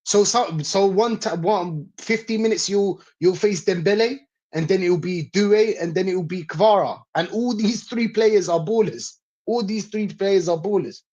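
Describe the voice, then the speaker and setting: A man's voice: high voice, measured pace, hardly any pauses, a little mellow, lo-fi sound. A man talking as a guest in a casual football chat, insistent and repeating his points.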